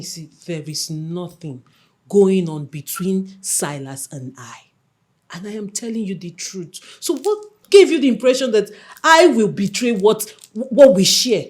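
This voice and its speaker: A woman's voice: medium pitch, darkish tone. A Nigerian actress playing a young woman who coaxes and reassures her jealous boyfriend in a film drama. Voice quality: coaxing, pleading.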